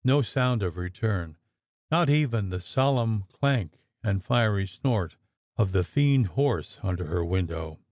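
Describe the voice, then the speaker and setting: A man narrating a gothic audiobook in a measured, expressive storytelling manner. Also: fairly low pitch, dry recording.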